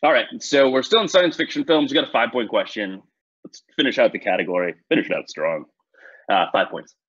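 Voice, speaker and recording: A man hosting a trivia quiz in a relaxed, self-deprecating way, with many "uh"s and "um"s, on a dull, dry, lo-fi recording. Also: medium pitch, brisk, breathy edge, no echo. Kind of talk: casual quiz-show hosting.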